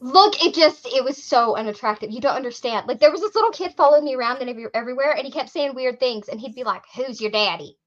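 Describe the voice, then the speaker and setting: A woman co-hosts a casual chat. She tells her stories in an animated way and swears freely. Her voice is bright and high, and it comes through dull lo-fi audio. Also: fast talker, hardly any pauses. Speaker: podcast co-host.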